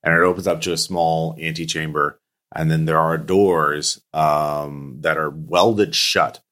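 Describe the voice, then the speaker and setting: Deep male game master, halting, filler-heavy narration. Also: steady tone, a bit bright. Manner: hesitant, with frequent fillers.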